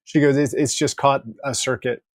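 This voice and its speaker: A man, a podcast guest, telling a story in casual conversation, candid and joking, quoting people in lively asides and swearing freely. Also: medium pitch, moderate pace, no room sound, clean studio sound.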